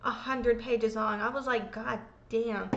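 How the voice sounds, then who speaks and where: Woman host, high voice, echoey room, irreverent, swears, reads legal exhibits casually. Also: fairly even intonation, unhurried, lo-fi sound, noisy background. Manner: irreverent, swears freely, self-mocking. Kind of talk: casual commentary reading court documents.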